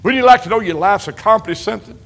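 An older man with a drawl preaches in a folksy way, leaning on repeated amens. His voice sits high, and he pushes his lines up to strong emphasis. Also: quick pace, fairly bright tone. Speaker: pastor. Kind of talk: sermon.

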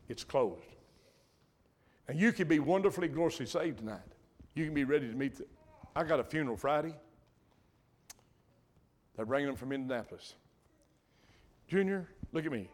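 An older man preaching a sermon in a folksy, earnest way, often breaking off mid-sentence and repeating himself. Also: mid-range voice.

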